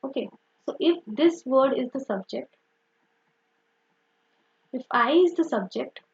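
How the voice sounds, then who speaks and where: Young teacher lady, high bouncy voice, keeps saying okay, kinda muffled recording. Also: lively intonation, unhurried, gravelly. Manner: repetitive, uses "okay" and "so" often, self-correcting. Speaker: English grammar teacher. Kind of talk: explanatory teaching. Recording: dull lo-fi recording.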